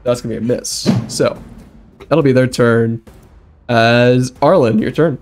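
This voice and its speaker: A man acting as game master, calling turns and rolls with brisk rules calls and frequent laughs. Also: medium pitch, fairly even intonation, a little mellow, faint music behind. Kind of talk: running a tabletop game.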